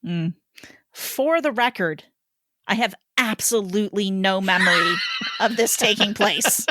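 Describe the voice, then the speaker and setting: Teasing woman with a bright voice. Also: medium pitch, unhurried, no room sound. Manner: teasing, playfully sarcastic. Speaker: podcast co-host. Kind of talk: casual chat.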